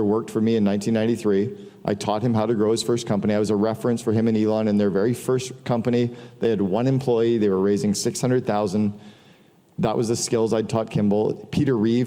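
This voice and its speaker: Warm and lowish, this middle-aged man's voice carries through a big hall as he gives a crude, relaxed business talk before a crowd. He tells stories and quotes what people said. The sound has a long reverb from the hall.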